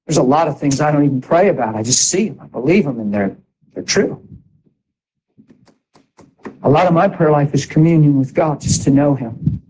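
A man preaching a sermon in an animated way, exhorting the congregation with asides. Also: on the high side, normal speed, pauses often, husky, poor audio.

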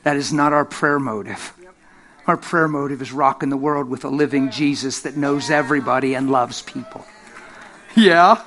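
A middle-aged man preaching a sermon, telling stories with lively energy, laughing and acting out the voices of the people in them. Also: medium pitch, normal speed. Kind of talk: sermon with storytelling. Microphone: handheld microphone.

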